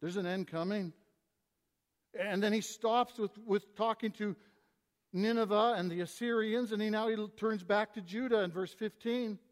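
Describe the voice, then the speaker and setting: A man preaching a sermon, swinging between loud emphatic reading and quiet, low asides to his congregation. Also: steady tone, moderate pace. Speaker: pastor. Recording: long hall reverb.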